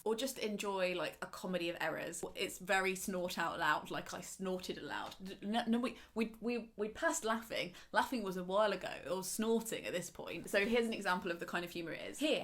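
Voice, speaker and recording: A woman's voice: fairly low pitch, a bit bright. A woman from the English Midlands, talking casually and enthusiastically as a book vlogger, with lots of filler words. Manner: chatty and gushing, full of "like" fillers.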